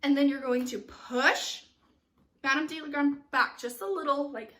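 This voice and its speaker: A woman's voice: high voice, normal speed, fairly bright tone. A woman teaching youth theater online, giving upbeat stage directions and checking in with "okay?" as she goes. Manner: upbeat, instructive, frequent "okay?" check-ins.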